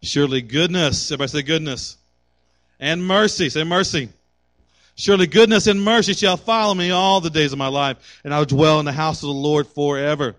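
A man's voice: on the high side, fairly even intonation, brisk, a bit bright. A middle-aged man preaching a sermon with call and response, building to impassioned exhortation. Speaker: pastor.

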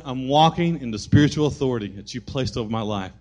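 A man preaching a sermon as pastor in a church, animated storytelling that rises to shouts. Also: medium pitch, quick pace, few pauses. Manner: animated storytelling, acting out voices and shouting at peaks. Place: church sanctuary.

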